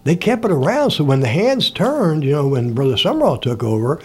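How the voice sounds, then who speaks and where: A man's voice: a little high, very animated, brisk, darkish tone, slightly rough. An older man from Indiana, telling stories from his life in a rambling, casual way and chuckling often. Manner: rambling, chuckles often, acts out quoted people. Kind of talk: casual storytelling.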